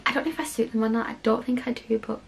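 Young woman reacting to clips at home, a bit high voice, chatty and giggly, lots of "like". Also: steady tone, very fast, creaky. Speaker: YouTube reaction host. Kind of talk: casual reaction vlog chat. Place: home, cold room.

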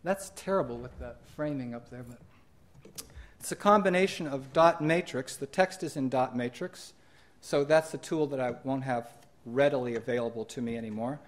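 At a conference, a middle-aged man with a mid-range voice walks through slides of his own exhibition. He speaks unhurriedly and haltingly, with plenty of ums and restarts.

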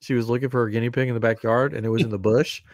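A man in his thirties hosts a podcast with a mid-range voice, talking very fast in casual chat. He's an animated storyteller who laughs a lot. The sound is dry and studio quality.

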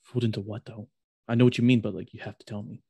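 Gravelly-voiced man playing a tabletop game. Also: on the low side, flat delivery, rapid-fire, dark tone. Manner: hesitant, with restarts while in character. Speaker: player.

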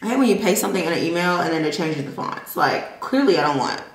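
In a low-quality recording, a young vlogger speaks fast with a fairly low-pitched, expressive voice. She talks straight to the camera in a chatty way and laughs often, moving from home to a restaurant.

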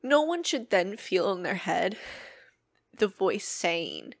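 A woman's voice: mid-range voice, big pitch swings, slow, dry recording, clean studio sound. A woman hosting her own podcast, talking earnestly and emotionally in a personal monologue and swearing freely. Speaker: podcast host.

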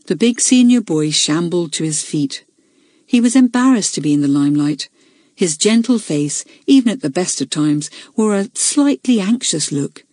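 A woman narrating a children's school story, measured and clear in delivery. Her voice is soft and breathy, recorded close and dry with no room sound. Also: fairly low pitch, animated, no room sound. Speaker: audiobook narrator. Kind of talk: scripted audiobook narration.

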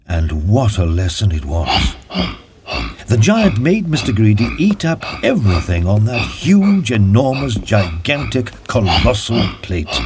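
A man narrating a children's cartoon story, emphatic and expressive. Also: mid-range voice, measured pace. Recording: faint music behind.

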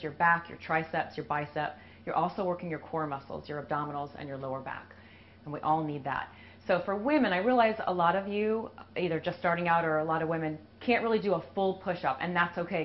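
A lower-voiced woman coaches through a push-up demonstration, panting and out of breath while she exercises. The recording is dull and lo-fi, with a faint hiss behind her. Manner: talks while doing push-ups. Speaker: fitness instructor. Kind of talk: casual workout demonstration.

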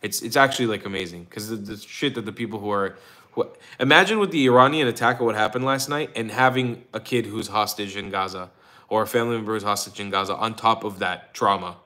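A man's voice: fairly low pitch, quick pace, bright, forceful tone. A tired man hosting a casual livestream, rambling with restarts and greeting viewers from the chat by name. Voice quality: rambling, with restarts and frequent ums. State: tired, yawning. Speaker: livestream host.

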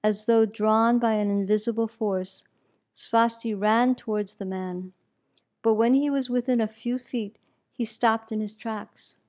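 A woman meditation teacher reading a story aloud in a calm, measured way. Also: a little high.

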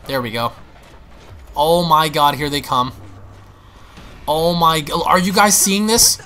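A young man giving excitable, panicky gameplay commentary, stammering and restarting as he plays. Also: on the high side, measured pace. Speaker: gaming YouTuber.

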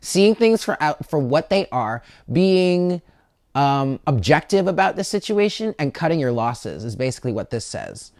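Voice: medium pitch, very animated, moderate pace, darkish tone, no room sound. Chatty tarot reader talking straight to viewers, stumbling and repeating words, in a dry, close sound. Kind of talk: casual monthly tarot reading to camera.

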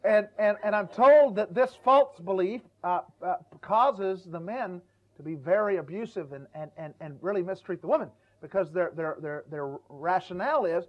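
A man's voice: high-pitched, lively intonation, normal speed. A middle-aged male preacher giving a folksy, humorous church sermon, stumbling over repeated words and acting out quoted voices. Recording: dull lo-fi church recording.

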